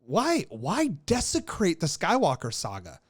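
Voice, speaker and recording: Casting: young male podcast co-host, slightly high voice, swearing, animated rants. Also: unhurried, breathy edge. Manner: profane, animated ranting. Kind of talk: casual chat.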